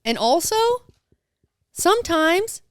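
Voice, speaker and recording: Co-hosting a podcast, a woman tells a funny story in casual conversation, animatedly acting out quotes and saying "dude" and "like" a lot. Her voice is extremely high-pitched and slow, with no echo.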